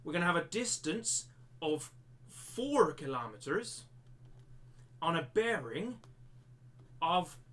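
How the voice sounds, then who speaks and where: A man's voice: a little high, sing-song, slow, long pauses, a bit bright. A man teaching a live-streamed maths lesson step by step, slipping into a jokey pirate-like accent. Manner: explains step by step, repeating himself.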